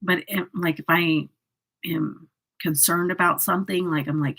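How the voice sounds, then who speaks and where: Chatty, husky woman livestreamer. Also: on the low side, fairly even intonation, moderate pace, rough recording. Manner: chatty, laughs often, reads and answers viewer comments. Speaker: makeup livestream host. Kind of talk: casual livestream chat while doing makeup.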